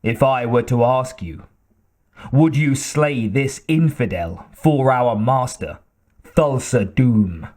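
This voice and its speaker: A man voicing a sinister male cult priest who speaks softly and without expression. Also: mid-range voice, takes it slowly, natural voice. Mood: cold. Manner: soft, toneless, expressionless.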